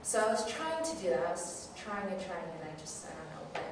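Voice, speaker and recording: A woman's voice: on the low side, big pitch swings, fairly quick, background noise. A woman who teaches, giving a candid, self-deprecating personal testimony as a sermon. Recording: very echoey hall, mic far off.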